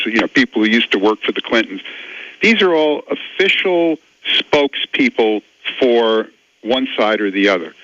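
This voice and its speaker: Man in his seventies, bright forceful voice, emphatic, radio interview, dull dry sound. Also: medium pitch, no echo. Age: 70s. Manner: emphatic, dismissive of critics. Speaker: author guest.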